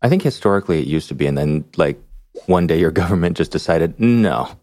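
A man co-hosting a podcast in casual chat, chatty and quick with asides, laughing often. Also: low-pitched, a little mellow, dry recording, clean studio sound. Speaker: podcast co-host.

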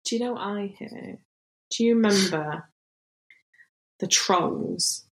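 A woman's voice: medium pitch, takes it slowly, poor audio. A woman co-hosting a podcast, chatting casually, rambling and laughing a lot, with a self-admitted mumble and casual swearing. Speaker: podcast co-host. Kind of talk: casual chat.

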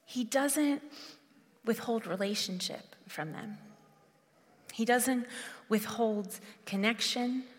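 Woman preacher, earnest and conversational, fairly high voice, reverberant hall. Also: slow pace, pauses often. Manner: earnest, conversational, with frequent restarts. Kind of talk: sermon.

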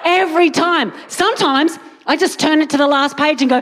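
A woman's voice: mid-range voice, fairly even intonation, moderate pace, hardly any pauses. A young adult woman doing a stand-up comedy set on a live stage, rambling and incredulous with wry asides. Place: live theatre stage with audience. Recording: live venue with faint crowd noise.

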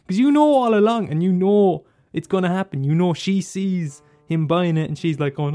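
A man talking casually and passionately about films, swearing freely and jumping up into high exclaims. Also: animated, normal speed, a little mellow. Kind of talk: casual film chat.

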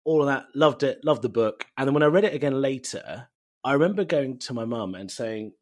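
A man from East London, a native Bengali speaker, telling animated, self-mocking stories as a guest in a casual interview. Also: medium pitch, fairly quick. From East London, England. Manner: animated storytelling, laughs often, self-mocking.

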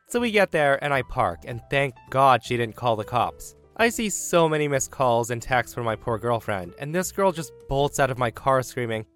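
A man's voice: medium pitch, expressive, moderate pace, few pauses, fairly bright tone, faint music behind. A man reading a story aloud, telling it with energy and acting out his own panicked lines. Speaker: story narrator.

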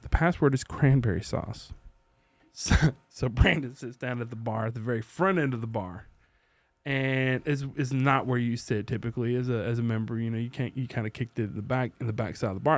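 A man's voice: medium pitch, no room sound. A man co-hosting a podcast, telling a story with lots of laughter and acted-out dialogue. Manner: animated, laughing, acts out dialogue. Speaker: podcast co-host. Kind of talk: casual storytelling.

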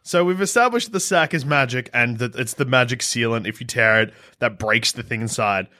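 A man's voice: medium pitch, brisk, sharp tone. A young man in casual chat, wryly laughing and reasoning through silly plans.

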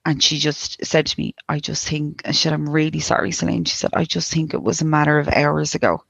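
A woman in her thirties with an Irish accent, telling a painful personal story in a halting way, full of restarts and quoted speech. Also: low-pitched, fairly even intonation, vocal fry, a bit bright, breathy edge, dry recording, dull audio. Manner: halting, many restarts and likes, quoting others. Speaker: guest sharing a personal story. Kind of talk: emotional personal account.

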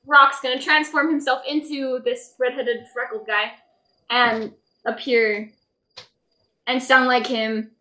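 A woman's voice: high voice, flat delivery, takes it slowly, pushed and bright. A woman playing a tabletop game, chatty and asking the game master questions. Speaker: player. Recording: roomy echo.

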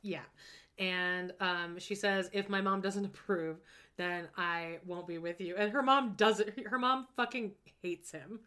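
Bright-voiced wry woman co-host. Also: medium pitch, a little slow, clean tone. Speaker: podcast co-host. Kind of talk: casual chat recapping a reality show.

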